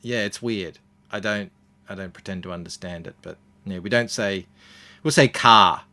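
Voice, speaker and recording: A man's voice: low-pitched, moderate pace. An Australian man, a comics creator, chatting casually as an interview guest and telling stories with plenty of ums and uhs. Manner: relaxed storytelling with many fillers.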